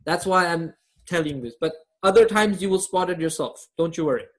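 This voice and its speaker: A man's voice: a little high, fairly quick. A man teaching a live online grammar class over a video call, quizzing his students and laughing at his own jokes.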